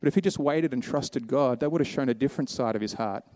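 A male preacher gives a relaxed, chatty sermon and retells the story in everyday speech. His voice sits at a middle pitch, and the recording is dry and close, with no room echo. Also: fast talker. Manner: casual storytelling, acts out characters' quotes.

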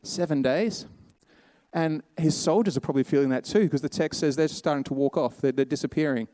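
A man's voice: a little high, fast, dark tone, dry recording. A man preaching a sermon, telling a Bible story in a casual, conversational way and voicing the characters' lines.

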